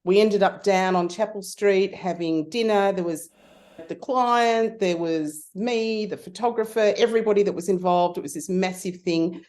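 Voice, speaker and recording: A middle-aged woman telling stories in a casual interview, acting out the voices of people in her stories. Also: normal speed. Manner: animated storyteller, acts out voices with big pitch jumps. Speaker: guest.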